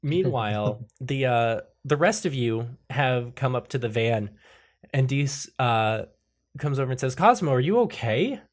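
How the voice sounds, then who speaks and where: A man's voice: mid-range voice, unhurried. A man running a tabletop role-playing game as game master. He narrates loosely, swears, laughs, and breaks into sudden voices for the characters.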